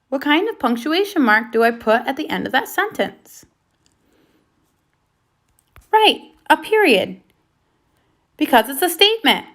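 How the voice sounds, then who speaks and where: Woman, first grade teacher on video, high bright voice, patient question-and-answer delivery. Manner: patient, asks questions then confirms answers.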